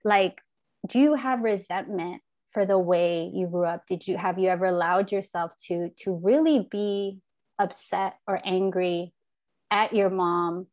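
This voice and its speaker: A woman's voice: on the low side, a little slow, a little mellow. A woman in her forties talking in an earnest, reflective way, casual and candid, with the odd swear word, as a podcast host. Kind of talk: candid heartfelt conversation.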